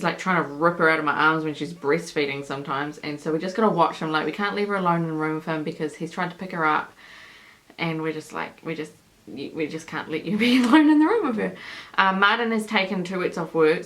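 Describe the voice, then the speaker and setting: A woman's voice: fairly low pitch, a bit bright, poor audio. A woman in her thirties from New Zealand, chatting casually to a camera while holding her newborn, rambling and emotional with many fillers. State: holding and breastfeeding a baby. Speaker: vlogger. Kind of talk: casual vlog chat.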